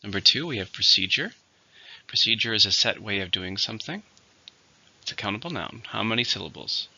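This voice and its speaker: Bright, gravelly male vocabulary teacher. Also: on the low side, expressive, no echo. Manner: slow, deliberate, repeats each word clearly. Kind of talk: scripted vocabulary lesson. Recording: dull lo-fi recording.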